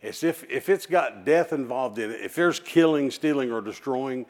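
Man, pastor, emphatic sermon, call-and-response, folksy asides, mid-pitched voice. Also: lively intonation, moderate pace, darkish tone.

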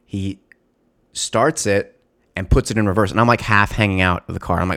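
A man with a fairly low voice tells a story in loose, casual talk. He is animated and profane, with lots of fillers and restarts. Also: moderate pace. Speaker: former store security guard.

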